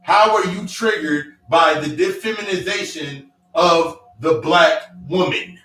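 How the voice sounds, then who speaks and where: A man's voice: on the high side, measured pace, pushed and bright. Blunt, profane man preaching in an echoey room. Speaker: self-help speaker. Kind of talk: motivational monologue. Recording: echoey room, distant mic, faint music.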